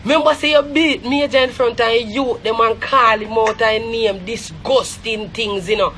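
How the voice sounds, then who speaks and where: A woman's voice: on the high side, a bit bright, a little hiss or hum. A Jamaican woman giving heated, scornful gossip commentary on a live stream. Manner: scornful, rapid, repetitive.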